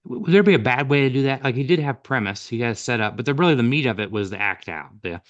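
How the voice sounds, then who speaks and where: A man's voice: medium pitch, animated, fast. Inquisitive male co-host, dull lo-fi sound. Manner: inquisitive, asks follow-up questions. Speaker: podcast co-host. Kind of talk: podcast discussion. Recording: dull lo-fi audio.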